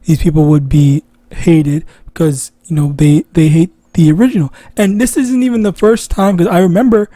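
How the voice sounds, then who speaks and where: A man's voice: on the high side, fairly even intonation, moderate pace, hardly any pauses, warm tone, no echo. A man teaching an informal religious lesson, rambling and correcting himself as he goes. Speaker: online Bible teacher.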